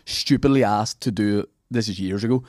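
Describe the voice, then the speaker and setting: A man's voice: lowish voice, moderate pace, darkish tone, no room sound, clean studio sound. An Irish man, a comedian hosting a podcast, telling a self-deprecating anecdote in casual chat. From Ireland.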